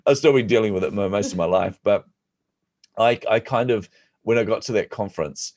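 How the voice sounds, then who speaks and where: A man, a podcast guest, telling stories in an animated, self-deprecating way and acting out the voices of people he quotes. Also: lowish voice, brisk, no room sound. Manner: self-deprecating humor, frequent laughs. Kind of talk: storytelling in an interview.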